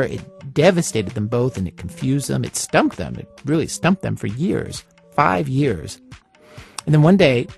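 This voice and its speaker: A man hosting a radio story, narrating and interviewing in a conversational, lively way. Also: mid-range voice, gravelly. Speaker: radio host.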